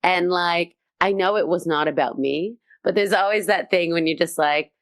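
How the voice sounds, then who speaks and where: A woman comedian talks as an interview guest, her voice sitting on the low side. She tells her stories with lively, high energy. The sound is dry and close, with no room around it. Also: moderate pace, no room sound. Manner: high-energy, animated storytelling. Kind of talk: casual interview chat.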